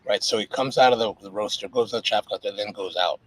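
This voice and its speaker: A man's voice: on the low side, fast, slightly rough, low-quality recording. A man hosting a casual chat, a coffee shop owner, reacting and asking questions. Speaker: podcast host.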